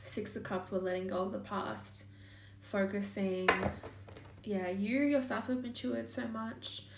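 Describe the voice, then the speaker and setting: A woman's voice: mid-range voice, steady tone, a little slow, vocal fry, recorded from a distance, noisy background. Chatty young woman reading tarot. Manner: chatty and thinking aloud, swears, full of likes and ums. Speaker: tarot reader. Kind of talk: casual tarot reading monologue. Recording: echoey room.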